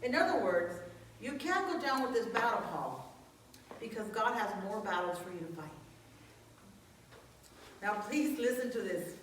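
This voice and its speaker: A woman's voice: mid-range voice, lively intonation, measured pace, long pauses, distant mic, a little hiss or hum. Woman preaching in an echoey church. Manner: chatty and earnest, with many fillers and restarts. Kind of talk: conversational sermon. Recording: echoey church hall from afar.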